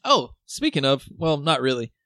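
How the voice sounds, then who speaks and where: A man's voice: medium pitch, big pitch swings, moderate pace, sharp tone, dry recording, clean studio sound. A man co-hosting a podcast, chatting casually, laughing often, swearing and acting out film lines. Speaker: podcast co-host. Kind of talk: casual chat.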